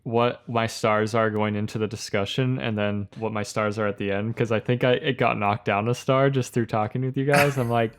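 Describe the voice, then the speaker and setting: A man's voice: lowish voice, fairly even intonation, normal speed, few pauses. A man co-hosting a casual film podcast, thinking aloud in a hesitant way. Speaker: podcast co-host, filmmaker.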